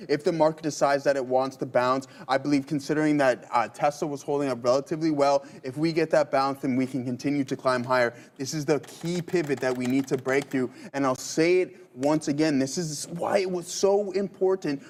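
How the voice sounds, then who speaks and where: A man hosting a livestream about stock trading. He talks through the charts and banters with his co-host, with plenty of fillers and restarts. His pitch sits in the middle range for a man. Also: a little fast, few pauses. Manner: loose, filler-heavy banter. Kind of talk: live market commentary.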